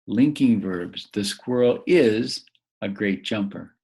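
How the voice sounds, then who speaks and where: A man teaching a recorded grammar lesson to young children, patient and prompting them to pause and answer. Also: lowish voice, a little mellow, husky.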